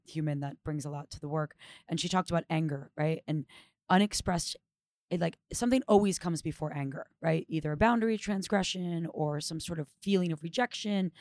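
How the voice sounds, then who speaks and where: Expressive woman with a low voice. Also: dry recording, clean studio sound. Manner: animated, expressive storyteller. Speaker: retreat and workshop leader. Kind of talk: casual conversation.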